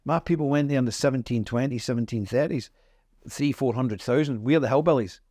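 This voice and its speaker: The recording is dry and studio quality: a middle-aged Northern Irish man, brisk and mellow, talks history as an interview guest. He's emphatic and narrative, and his pitch swings as he goes.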